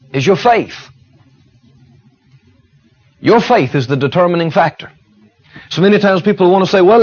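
High-voiced preacher man, lo-fi. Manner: emphatic, repetitive preaching with call-and-response questions. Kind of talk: sermon.

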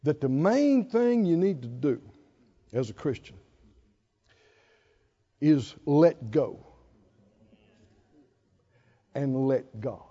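A man preaching a sermon, swinging between loud, animated calls and hushed asides. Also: a little high, slow, pauses often, husky, lo-fi sound. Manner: animated preaching, mimics whiny voices and swings from shouting to hushed.

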